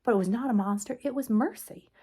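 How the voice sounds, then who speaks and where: A woman voicing a gentle, timid older woman in a storybook, speaking softly and fretfully. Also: a little high, fast talker, husky, voice pushed up. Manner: soft-spoken, fretful, quiet.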